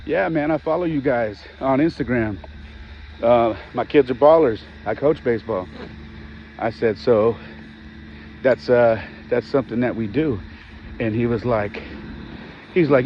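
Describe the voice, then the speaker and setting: A man's voice: medium pitch, moderate pace, pauses often. A man in his forties hosting a podcast, casually retelling a conversation and acting out both sides of it. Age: 40s. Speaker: podcast host. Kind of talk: casual storytelling. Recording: dull lo-fi audio with faint background noise.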